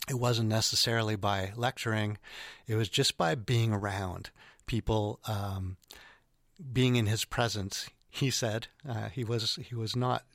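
A man's voice: on the low side, steady tone, measured pace, vocal fry, fairly bright tone, no echo, studio quality. A man giving an informal lecture on poetry, hesitant with many ums and restarts. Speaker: literature lecturer.

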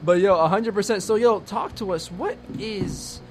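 A man's voice: sits high, moderate pace. A young man hosting a radio show casually, laid-back and slangy, calling people "bro" and "yo".

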